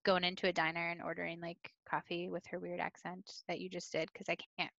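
Gravelly, low-voiced woman gushing about a show. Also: level tone, fairly quick, bright, forceful tone, no room sound, muffled recording. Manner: enthusiastic, gushing. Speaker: podcast co-host. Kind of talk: casual TV recap chat.

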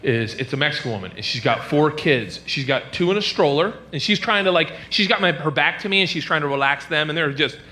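A man doing a stand-up comedy set, telling stories animatedly and jumping into high squealing character voices. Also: animated, a little fast, few pauses, pushed and bright. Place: comedy club stage.

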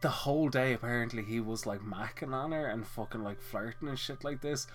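A man's voice: mid-range voice, a little fast, soft background music. A man co-hosting a podcast, talking bluntly with a lot of swearing as he rambles through the topics. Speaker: podcast co-host. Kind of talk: casual chat.

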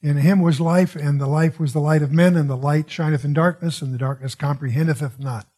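A man's voice: fairly high pitch, fairly even intonation, brisk, mellow, husky. A man giving expository Bible teaching in a digressive, musing way, often breaking off with "wow" and restarting his sentences.

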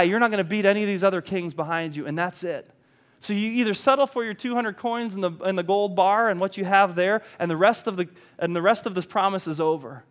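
A man preaching a sermon, earnest, acting out quoted speech and dropping to a soft voice for emphasis. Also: high-pitched. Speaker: pastor.

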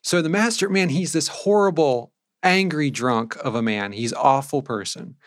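A man's voice: on the high side, normal speed, no echo, clean studio sound. A man co-hosting a film podcast, speaking casually, with lots of "like" and "um" and easy laughter. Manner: hesitant, many fillers, laughs easily. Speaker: podcast co-host.

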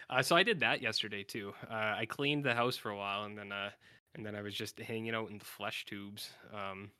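A man's voice: lowish voice, normal speed, bright, forceful tone, clean tone, dry recording. A man from Canada co-hosting a podcast in casual, rambling chat, full of "like" and filler. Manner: rambling, filler-heavy, acts out silly voices. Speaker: podcast co-host.

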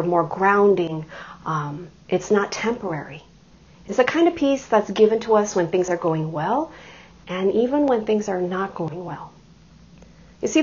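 A woman's voice: mid-range voice, husky, highs cut off. A middle-aged woman preaching a sermon, telling personal stories with self-deprecating humor before turning to scripture. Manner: warm storytelling with self-deprecating humor and laughter.

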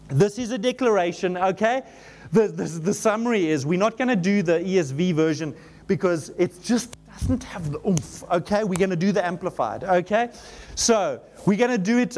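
High-voiced, animated male pastor preaching. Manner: animated, joking, with shouted exclamations; reads scripture slowly and emphatically. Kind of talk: sermon. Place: church auditorium.

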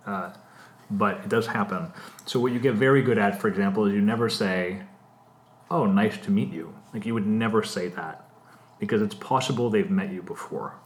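A man in casual podcast chat, explaining things in a relaxed way with plenty of examples. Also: fairly low pitch, brisk. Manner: relaxed, explains with examples, frequent agreeing murmurs. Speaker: podcast co-host. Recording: roomy echo.

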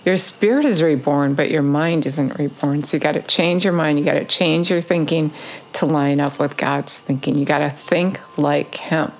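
Low, gravelly woman preaching. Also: moderate pace. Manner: earnest, repetitive exhortation with frequent ums. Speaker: online preacher. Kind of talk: casual video sermon.

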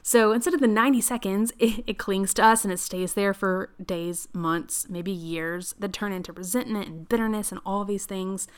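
A woman's voice: mid-range voice, moderate pace, hardly any pauses, clean tone. A young adult woman hosting a faith-based podcast, talking in an earnest, chatty way and laughing often. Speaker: podcast host. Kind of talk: casual faith-based talk.

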